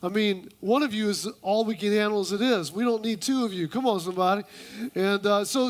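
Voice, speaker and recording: A man preaching a humorous sermon in church, playfully acting out conversations and mimicking women in a high voice. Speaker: pastor.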